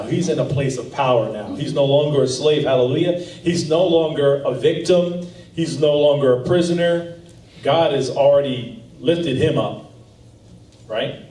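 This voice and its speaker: A man's voice: a little high, a little slow, warm tone. A man preaching a conversational, earnest sermon as pastor, reading scripture and explaining it to his congregation. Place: church sanctuary. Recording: roomy, distant live church recording.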